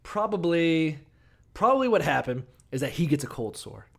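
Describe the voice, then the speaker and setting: A man chatting on a podcast in a lively, swinging voice that leaps up and down. He swears constantly and slips into brief character voices as he retells old stories. His pitch sits a little high for a man. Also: gravelly. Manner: profane, animated, acts out characters in quick bursts. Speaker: podcast co-host. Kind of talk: irreverent casual chat retelling Bible stories.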